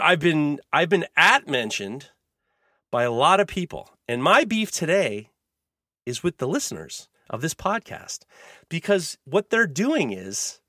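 A man's voice: on the high side, a bit bright, no echo, clean studio sound. A man hosting a podcast, rambling with many restarts while giving blunt opinions. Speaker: podcast host, knife maker. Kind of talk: casual podcast chat.

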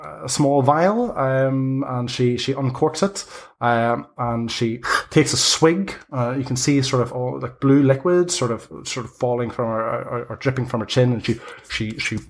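A man narrating as game master for a tabletop game, halting and full of fillers. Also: medium pitch.

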